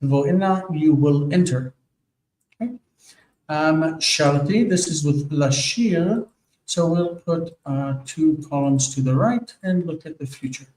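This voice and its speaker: A man teaching a Hebrew grammar lesson, explaining forms slowly and patiently and checking in with "okay?" as he goes. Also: a little high, darkish tone, slight background noise. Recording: echoey room, far from mic.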